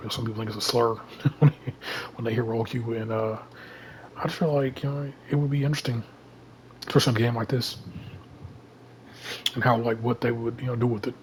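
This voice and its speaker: Flat-voiced man rambling about a game. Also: mid-range voice, a little fast, long pauses, a little hiss or hum, poor audio. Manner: rambling, heavy use of "you know" and "like". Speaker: gaming YouTuber. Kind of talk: casual vlog commentary.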